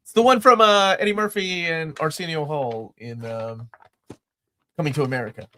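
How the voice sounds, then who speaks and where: A man co-hosting a casual chat livestream, talking in a rambling, jokey, animated way. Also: a little high, moderate pace, slight background noise. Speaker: livestream co-host.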